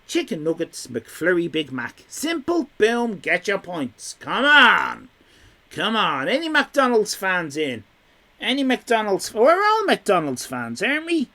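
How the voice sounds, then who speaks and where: A man's voice: high-pitched, pushed and bright. A young man with an Irish accent runs a live quiz stream. His voice swings up and down a lot as he chats and teases the viewers. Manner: chatty, reads chat aloud, teasing.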